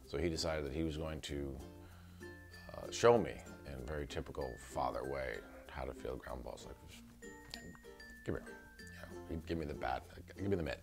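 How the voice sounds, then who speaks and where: A man's voice: very deep voice, moderate pace, gravelly, music in the background. A middle-aged man telling a casual family anecdote, acting out quotes and laughing as he goes. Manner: animated storyteller who acts out quotes and laughs. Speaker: son telling a family story.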